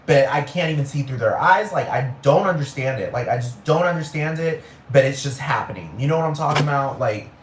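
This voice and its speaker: Male solo podcaster, casual profane rambler, mid pitch, echoey outdoor take with clear crickets behind. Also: animated, brisk, hardly any pauses, background noise. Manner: rambling, profane, keeps asking "you know what I'm talking about". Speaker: podcast host.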